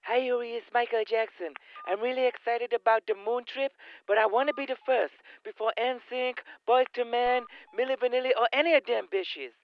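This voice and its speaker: A gushing male pop star, leaving a phone message in a high voice that slides into casual cursing. The sound is dull and lo-fi, like an old answering machine. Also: fairly even intonation, a little fast, smooth.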